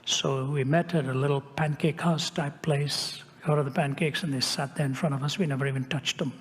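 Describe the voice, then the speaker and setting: An older man telling a story in a sermon, dropping at times to a hushed whisper. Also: fairly high pitch, fairly even intonation, a little fast, big-room sound. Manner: dramatic shifts to a hushed whisper. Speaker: preacher.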